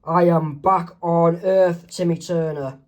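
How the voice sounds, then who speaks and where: A man voicing a lovestruck, boastful male alien in a homemade comic reading, with slow, emphatic declarations. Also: a little high, steady tone, darkish tone.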